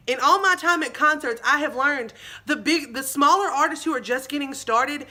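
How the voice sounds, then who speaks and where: A woman's voice: high voice, moderate pace, sharp tone. A young woman telling a storytime vlog, chatty and dramatic, calling her viewers y'all. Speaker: vlogger.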